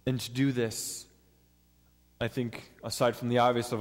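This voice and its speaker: A man's voice: mid-range voice, flat delivery, moderate pace. Man preaching in a reverberant hall. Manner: earnest, step-by-step teaching with acted-out quotes. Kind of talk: sermon.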